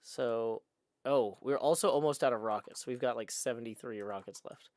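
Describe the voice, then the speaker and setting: A man's voice: a little high, expressive, brisk, darkish tone, dry recording. A man hosting a live game stream, chatting casually and reading viewer messages aloud.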